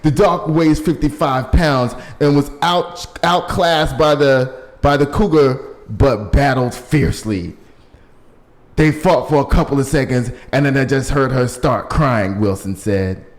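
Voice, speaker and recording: A man's voice: mid-range voice, unhurried. A man hosting a casual news show, reading stories and riffing on them with lots of laughter. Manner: animated, laughing, riffs on stories.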